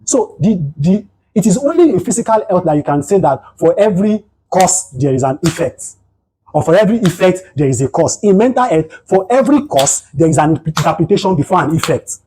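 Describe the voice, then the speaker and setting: Husky, mellow Nigerian man teaching. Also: high-pitched, fairly quick, rough recording. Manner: animated storytelling, rhetorical questions. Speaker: psychotherapist and guest speaker. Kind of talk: motivational talk to a group.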